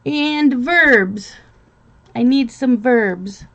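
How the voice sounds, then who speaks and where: A woman hosts a relaxed live stream, speaking slowly and a little high. She chats with viewers and her pets on a dull, lo-fi recording. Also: creaky. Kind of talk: casual live-stream chat.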